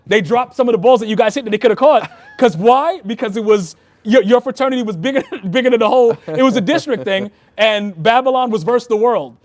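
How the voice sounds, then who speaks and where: High-voiced earnest New man. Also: animated, fast talker, a little mellow, no room sound. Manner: earnest, heartfelt storytelling. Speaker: Freemason, past master. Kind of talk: casual conversation.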